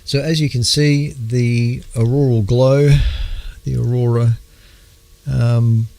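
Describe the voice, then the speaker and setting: An Australian man hosting an astronomy radio show, talking in a halting, casual way with many fillers, clearing his throat as his voice wears out. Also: medium pitch, flat delivery, dark tone, no echo. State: losing his voice. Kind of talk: casual astronomy news talk.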